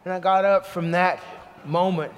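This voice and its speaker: A man preaching a sermon, telling a personal story in an earnest, storytelling way that turns hushed and emotional, then leading a prayer. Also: high-pitched, steady tone, moderate pace, long reverb tail.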